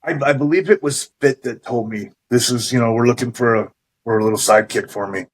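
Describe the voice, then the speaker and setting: A middle-aged man, a podcast guest, recalling his career in a relaxed, thoughtful way with small hesitations. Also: mid-range voice, fairly quick, low-quality recording. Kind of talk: casual interview chat.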